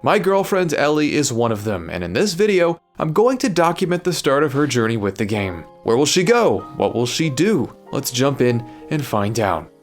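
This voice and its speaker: A man hosting and narrating a gameplay video, explaining in a lively, informative way. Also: mid-range voice, moderate pace, hardly any pauses, soft background music. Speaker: gaming video host and narrator.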